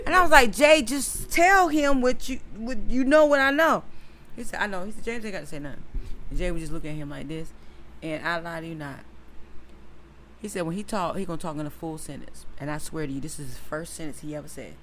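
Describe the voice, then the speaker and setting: A woman's voice: low voice, quick pace, fairly bright tone, slight background noise. A middle-aged woman, animatedly telling family stories in a casual chat and laughing often.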